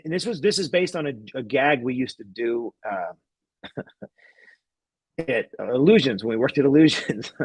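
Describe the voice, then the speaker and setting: A man's voice: mid-range voice, husky, no echo. A man, a guest magician, telling a rambling anecdote in casual chat, laughing often and restarting sentences.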